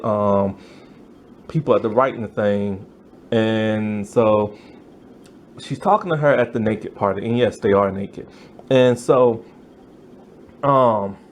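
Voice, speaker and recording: A man giving a casual, rambling review of a show, full of fillers and asides. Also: mid-range voice. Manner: rambling and animated, many fillers.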